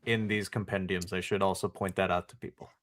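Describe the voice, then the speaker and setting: A man chatting as a guest on a comics podcast panel, giving quick factual answers with a wry edge. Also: deep voice, level tone, a bit bright. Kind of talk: casual panel chat.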